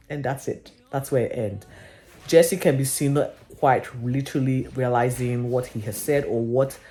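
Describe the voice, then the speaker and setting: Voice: mid-range voice, dark tone. A vlogger giving a chatty, gossipy recap of a reality TV episode, who keeps saying "literally".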